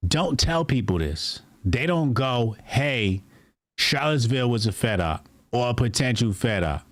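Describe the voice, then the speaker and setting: A man co-hosting a podcast, talking in a casual, animated, mocking way and often mimicking other people. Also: mid-range voice, measured pace, no room sound. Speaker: podcast co-host.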